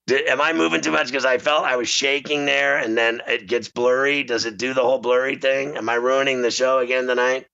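A male show host telling a comic rant in a loose, animated way, laughing often as he goes. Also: mid-range voice, brisk, creaky, hardly any pauses, clear, resonant tone. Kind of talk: casual comedic rant. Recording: slightly muffled lo-fi sound.

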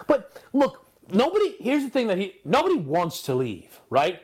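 Sports talk dude riffing with his cohost, lively tone, bit on the high side. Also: normal speed, few pauses, husky. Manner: chatty, riffing, plays out imagined quotes. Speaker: sports radio co-host. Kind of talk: casual sports talk banter.

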